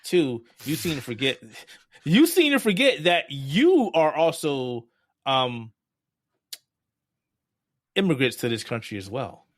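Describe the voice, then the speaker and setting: A man talking casually as a podcast guest, who gets frustrated and loud about politics. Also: fairly high pitch, big pitch swings, slow pace, pauses often, no room sound, studio quality.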